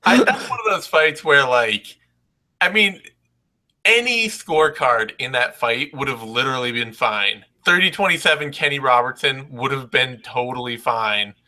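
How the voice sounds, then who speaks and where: A man's voice: medium pitch, animated, moderate pace, sharp tone, poor audio. A man co-hosting a casual post-fight chat, blunt and emphatic, swearing freely as he breaks down the bouts. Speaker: co-host.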